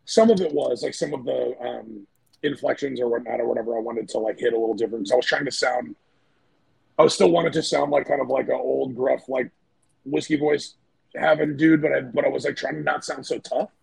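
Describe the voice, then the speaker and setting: A man's voice: medium pitch, a little fast, no echo, rough recording. A man, a band's singer and guitarist, talking casually and loosely in a podcast chat, with lots of fillers and swearing. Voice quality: gravelly, husky voice. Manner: rambling, loose, swears often, many fillers.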